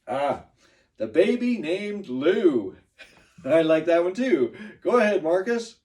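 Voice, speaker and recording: A man's voice: high-pitched, big pitch swings, takes it slowly, a little mellow, distant mic. A man teaching a class, praising students by name and giving pronunciation feedback.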